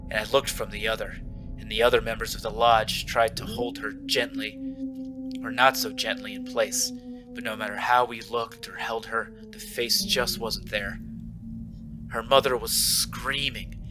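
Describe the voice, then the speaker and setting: A man's voice: lowish voice, pushed and bright. A man with a nasal voice hosting a casual podcast chat, joking and swearing freely, then reading a short story aloud to his friends.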